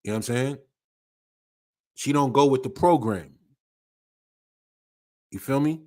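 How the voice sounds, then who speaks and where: A man's voice: mid-range voice, a little slow. A man hosting a livestream, ranting in casual slang with lots of swearing and repetition. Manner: profane, animated, repetitive slang-heavy ranting. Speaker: livestream host.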